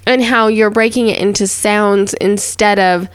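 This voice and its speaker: A woman's voice: mid-range voice, steady tone, measured pace, dry recording. A young adult woman co-hosting a podcast, chatting casually and explaining things while laughing easily. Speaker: podcast co-host, phonetics student. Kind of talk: casual chat.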